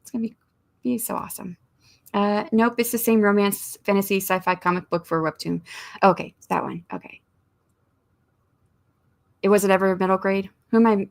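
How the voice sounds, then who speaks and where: A woman's voice: medium pitch, gravelly. A woman hosting a writing sprint livestream, chatting casually and rambling as she reads viewer comments aloud.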